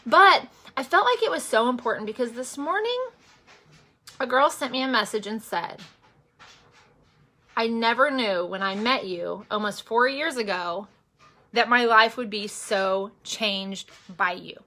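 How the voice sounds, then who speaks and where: A chatty woman in her forties vlogs her makeup routine, wandering off into personal stories. Her voice sits a little high and rings bright and forward. She talks casually, full of fillers, and turns earnest when she speaks about faith. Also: animated, unhurried. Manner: chatty and rambling, with many fillers. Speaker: makeup vlogger and direct seller.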